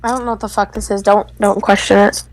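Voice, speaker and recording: A woman's voice: medium pitch, little pitch movement, fast talker, poor audio. A young woman streamer chatting casually while playing a building game, blunt and joking, swearing freely. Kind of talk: casual gaming chat.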